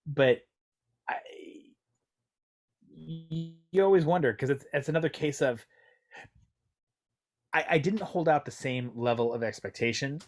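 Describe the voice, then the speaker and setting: A man's voice: on the high side, measured pace, long pauses, a little mellow. A man with an everyday mid-range voice who talks his way through a casual podcast chat. He hedges often and circles back on his own points. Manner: chatty, hedging, full of fillers and restarts. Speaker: podcast co-host.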